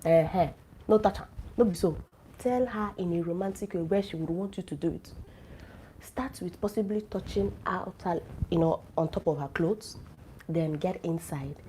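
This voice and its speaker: Coughing through a flu, a woman at a normal pace lectures her listeners to camera with frank, teasing relationship advice. Her voice is fairly low and mellow, and the rough recording carries a little hiss or hum.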